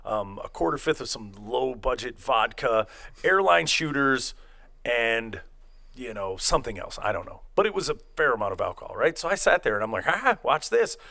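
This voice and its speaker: A young man spins a rambling, profane story in casual podcast chat. His voice sits in an ordinary middle pitch, and he keeps jumping into animated acted-out quotes. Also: normal speed, vocal fry. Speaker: podcast host telling a story.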